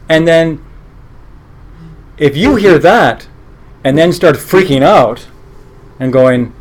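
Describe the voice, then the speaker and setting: A man's voice: fairly high pitch, takes it slowly, pauses often. A man teaching a live meditation class in an earnest, conversational way, breaking off and restarting his sentences and adding joking asides. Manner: conversational, earnest, self-interrupting.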